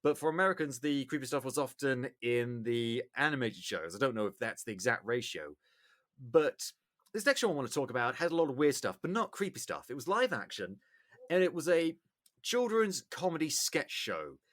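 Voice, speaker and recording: A man with an English accent, hosting a podcast in casual chat and telling stories with animated bits. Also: mid-range voice, moderate pace. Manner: animated storyteller, acts out bits loudly. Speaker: podcast host.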